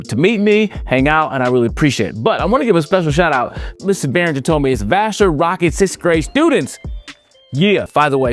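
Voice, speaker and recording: A lively man from California, a motivational speaker, chats with students in a playful, sing-song way. His voice sits a little high for a man. Quiet music plays under him. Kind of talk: casual storytelling to students.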